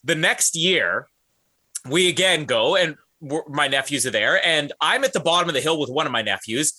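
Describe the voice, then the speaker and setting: A man co-hosting a podcast, telling a story in a casual, animated way and laughing often. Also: on the high side, normal speed. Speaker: podcast co-host.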